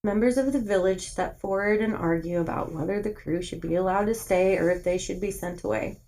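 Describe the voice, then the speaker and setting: A woman's voice: medium pitch, a little fast, dark tone, poor audio. Woman podcast co-host, plain read-aloud narration with casual asides. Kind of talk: reading a book aloud with casual chat.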